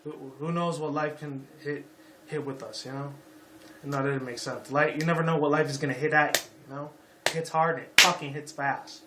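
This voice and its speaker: A man's voice: on the high side, steady tone, brisk, echoey room, noisy background. A man in his twenties from Las Vegas, ranting on a vlog in a rambling, profane way and leaning on "you know" again and again. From Las Vegas, Nevada. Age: 20s. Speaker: YouTuber. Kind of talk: rambling opinion rant.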